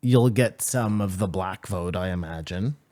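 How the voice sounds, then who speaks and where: A man co-hosting a casual podcast, talking loosely and swearing, jumping up into animated bursts when he gets worked up. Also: deep voice, unhurried. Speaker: podcast co-host.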